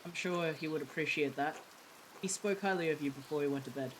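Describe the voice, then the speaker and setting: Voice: mid-range voice, fairly quick, fairly bright tone, lightly acted, low-quality recording. A streamer reading aloud the part of a loyal, courteous servant of a baron, in a plain everyday voice. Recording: rain noise in background.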